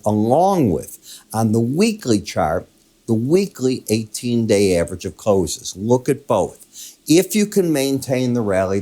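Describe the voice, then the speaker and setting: A warm, fairly low voice belongs to an older man presenting a daily market wrap-up, chatty and emphatic as he goes over charts. He coughs now and then, still shaking off an illness.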